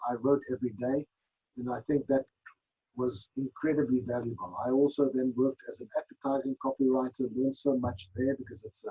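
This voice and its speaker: A man with a gravelly, husky voice and a lively, swinging pitch. He answers interview questions thoughtfully, often restarting as he searches for words. The sound is dull and lo-fi. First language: Afrikaans. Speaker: author guest. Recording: dull lo-fi broadcast audio.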